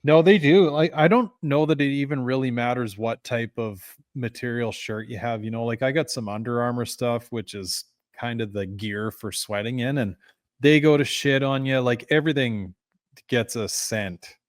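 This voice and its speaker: A man's voice: mid-range voice, normal speed. A man banters in a friendly, joking tone and swears casually. His voice sits in a middle register. The sound is dry and close, with no room echo. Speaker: podcast co-host. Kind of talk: casual chat.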